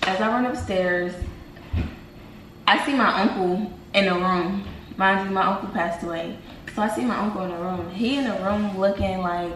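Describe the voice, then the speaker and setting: A young woman vlogger casually telling viewers about a dream, animated and slangy, talking to them as y'all. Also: medium pitch, moderate pace, slight background noise. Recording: roomy, from a distance, faint ambience.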